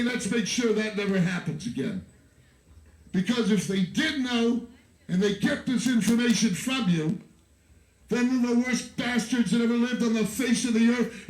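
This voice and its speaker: Fiery high-voiced man shouting a rally speech. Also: echoey room, rough recording. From United States. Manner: fiery, profane, shouting and preachy. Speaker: activist speaker at a festival. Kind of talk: impassioned rally speech to a crowd. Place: outdoor festival stage.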